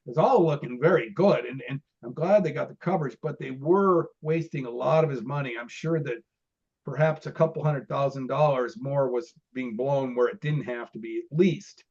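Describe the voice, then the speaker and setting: A man's voice: medium pitch, normal speed, darkish tone, breathy edge, lo-fi sound. A middle-aged man, an interview guest, telling stories from his days as a film extra in a rambling, chatty way with many restarts and laughs. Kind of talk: casual storytelling interview.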